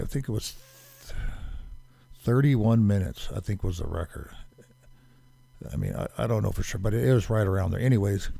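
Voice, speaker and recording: Fifties American man, husky and gravelly, tells long emphatic stories that keep circling back. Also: lowish voice, warm tone, dry recording. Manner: rambling, repeats words, emphatic. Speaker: podcast guest. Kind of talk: casual storytelling.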